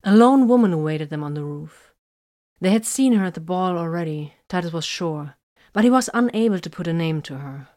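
Low-voiced woman narrating a story. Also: lively intonation, brisk, mellow. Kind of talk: audiobook narration.

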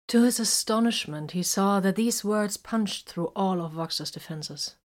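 A woman reading a story aloud in a calm, even storytelling manner. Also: mid-range voice, unhurried, hardly any pauses. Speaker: reader.

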